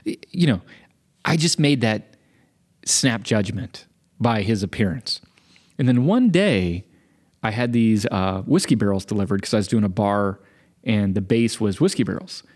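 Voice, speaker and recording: A man's voice: fairly low pitch, normal speed. A man in early middle age co-hosting a podcast, telling self-deprecating stories in casual chat and acting out the people in them. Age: young adult. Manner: storytelling, self-deprecating, animated impressions. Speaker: podcast co-host.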